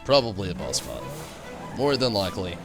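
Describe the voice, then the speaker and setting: Lively low-voiced man streaming a game. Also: fairly quick, vocal fry. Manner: chatty, joking, reads game dialogue aloud. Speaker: gaming streamer. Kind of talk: let's-play commentary. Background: game music.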